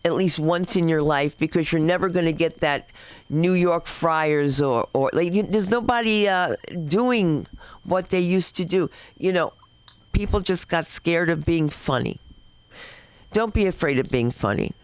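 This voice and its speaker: A man hosts a comedy open mic from the stage, talking in loose, rambling patter before he hypes up the next act. His voice is smooth and resonant and sits a little high. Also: moderate pace, dry recording. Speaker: comedy show host. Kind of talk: stand-up host patter.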